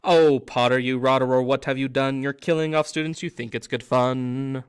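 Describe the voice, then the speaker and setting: A man's voice: on the high side, very animated, brisk, no echo, clean studio sound. A man voicing a cackling, mischievous male poltergeist in a storybook reading, taunting in a singsong way.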